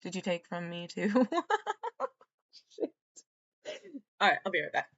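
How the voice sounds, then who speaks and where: Slow, gravelly woman rambling alone. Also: lowish voice, a bit bright, lo-fi sound. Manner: rambling, swearing, trailing off mid-thought. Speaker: podcast host. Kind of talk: rambling solo monologue.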